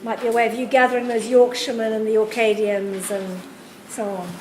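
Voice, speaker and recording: A woman's voice: a little high, flat delivery, brisk, darkish tone. A woman interviewing a writer at a university event, asking thoughtful, searching questions. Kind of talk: literary conversation at a public event. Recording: echoey room with background noise.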